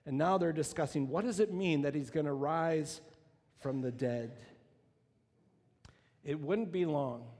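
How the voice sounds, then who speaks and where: A man's voice: on the high side, measured pace, long pauses. Man preaching in a reverberant hall. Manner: animated storytelling, acts out quoted voices. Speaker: pastor. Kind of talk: sermon.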